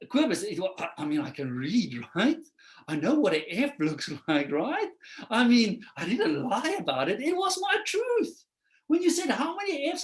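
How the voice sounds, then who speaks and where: A man presenting a webinar lecture as a trainer, talking conversationally with rhetorical questions and acting out quoted voices. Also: extremely high pitch. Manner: animated, acts out quoted voices.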